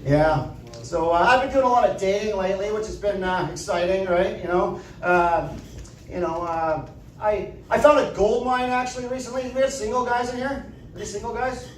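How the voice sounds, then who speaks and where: On a comedy club stage, a stand-up comedian with a high voice tells deadpan stories at a moderate pace, ending lines with "right?". The set is captured from afar in echoey club audio, with slight hiss or hum.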